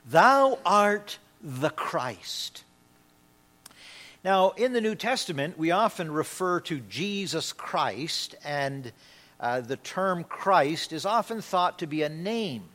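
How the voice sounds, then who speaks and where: A male pastor preaching a sermon in a church, emphatic, swinging between loud declarations and quiet, slow asides. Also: on the high side, expressive. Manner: emphatic preaching with dramatic swings in loudness and pace.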